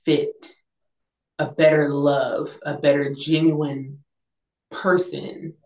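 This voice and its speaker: Young adult woman, low register, lively storyteller. Recorded roomy and off-mic. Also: recorded from a distance. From Northern California. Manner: animated storyteller, acts out quoted voices, laughs often. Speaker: interview guest, singer-songwriter. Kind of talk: casual storytelling interview.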